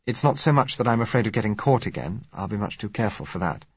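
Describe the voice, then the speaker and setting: Man doing a spirited young woman, wry, husky, dull recording. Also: fairly low pitch, sing-song, quick pace, no room sound, voice pushed up, heavily acted. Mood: earnest.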